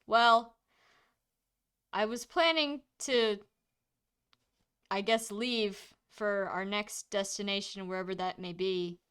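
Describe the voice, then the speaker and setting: Woman GM doing a hesitant male companion, halting, trailing off, bright, clear voice. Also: mid-range voice. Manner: halting, trailing off mid-thought.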